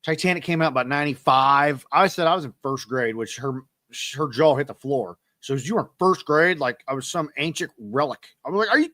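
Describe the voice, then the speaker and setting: A man's voice: on the high side, expressive, brisk, pushed and bright, dry recording, clean studio sound. A man, hosting a podcast and telling rambling, self-deprecating stories in a casual monologue. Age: 30s. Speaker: podcast host.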